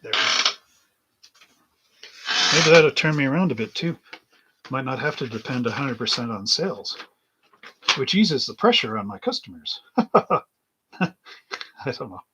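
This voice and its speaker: A man's voice: medium pitch, expressive, unhurried, pauses often, background noise. A middle-aged man hosting a model-building livestream, rambling through anecdotes in casual chat and chuckling often as he works at his bench.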